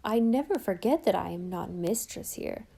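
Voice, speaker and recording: A woman's voice: mid-range voice, animated, normal speed, vocal fry, mellow, breathy edge. A woman voicing an earnest, fretful housekeeper in an audiobook, talking in a solemn, imploring, dramatic way. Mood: solemn complaint. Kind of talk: audiobook character voice.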